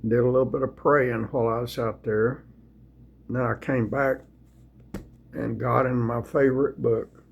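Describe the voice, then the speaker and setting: A man, sleepy and folksy, chatting casually and reading scripture aloud in a slow, rambling way. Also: mid-range voice, fairly even intonation, creaky. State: sleepy, yawning. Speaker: video host sharing scripture. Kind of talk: casual devotional talk and Bible reading.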